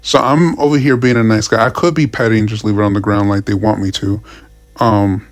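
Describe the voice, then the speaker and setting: A man's voice: lowish voice, fairly even intonation, a little fast, no echo, faint music behind. A young man ranting casually about his week, profane and frustrated, rambling with many restarts. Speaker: vlogger. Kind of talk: casual rant.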